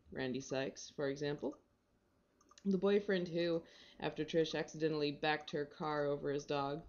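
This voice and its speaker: Woman reading, wry and mellow. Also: fairly low pitch, muffled recording. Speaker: reader. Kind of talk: reading a short story aloud.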